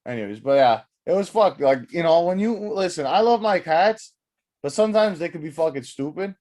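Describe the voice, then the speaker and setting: A young man rambling through a story on his podcast, swearing freely. He is animated and slips into acting out what people said along the way. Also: on the high side, brisk. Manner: rambling, profane, animated, acts out quotes. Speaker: podcast host. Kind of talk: casual storytelling monologue.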